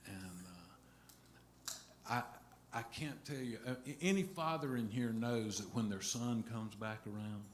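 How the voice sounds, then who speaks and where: A middle-aged man telling a halting, rambling story between songs at a live concert, restarting his sentences often. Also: fairly low pitch, slight background noise. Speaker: singer-songwriter on stage. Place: music venue stage. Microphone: stage vocal mic. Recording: roomy live venue sound.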